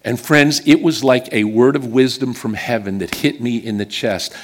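A man's voice: mid-range voice, expressive, normal speed, few pauses, fairly bright tone. A middle-aged man from western Pennsylvania preaching a sermon, telling a personal story in a chatty way and checking in with the congregation as he goes.

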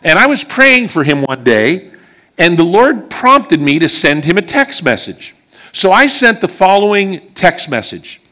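A man preaching a sermon to a congregation and telling personal stories, earnest and emphatic, often dropping low and quiet on key words. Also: very animated, a little slow. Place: church service before a congregation.

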